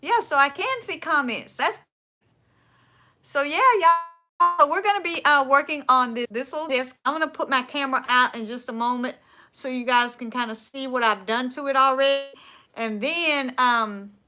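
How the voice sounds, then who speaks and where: Bright chatty folksy woman host. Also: sits high, normal speed. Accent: Southern US. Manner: chatty, folksy, says y'all a lot, trails off and restarts. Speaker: furniture upcycling livestream host. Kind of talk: casual livestream chat.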